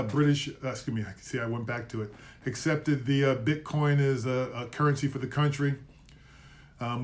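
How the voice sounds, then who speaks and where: A man hosting a live market commentary stream, casually going over trades and price levels, often correcting his own slips. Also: medium pitch. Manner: casual, self-correcting, trips over words; recaps trades with repeated levels and calls.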